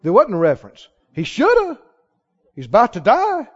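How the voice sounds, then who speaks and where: High-voiced preacher, lively and emphatic. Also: male voice, fairly quick. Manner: swings from hushed asides to shouted exclamations; fires rhetorical questions at the congregation. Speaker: pastor. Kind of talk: sermon. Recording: dull lo-fi recording.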